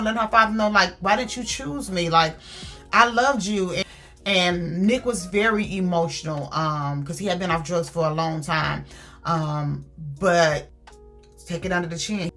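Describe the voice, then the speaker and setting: A woman's voice: lowish voice, fairly bright tone. A woman chatting casually through a book review, retelling the story with lots of fillers.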